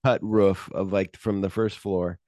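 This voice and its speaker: Man, podcast host, animated movie retelling, lowish voice, dry close sound. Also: unhurried, dry recording. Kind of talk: casual movie discussion.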